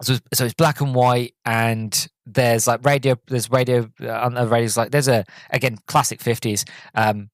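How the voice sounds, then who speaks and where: Casting: chatty male podcaster, rambly and excited, mid-pitched voice, dry close mic. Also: normal speed, dry recording. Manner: rambling, enthusiastic, many fillers. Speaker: podcast host. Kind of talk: casual movie recap.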